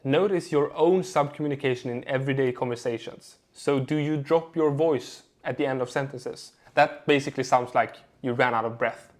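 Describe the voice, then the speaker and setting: A young adult man, a communication coach, giving a measured lesson to camera, stressing key words and pausing for effect. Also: mid-range voice. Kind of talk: instructional video talk to camera.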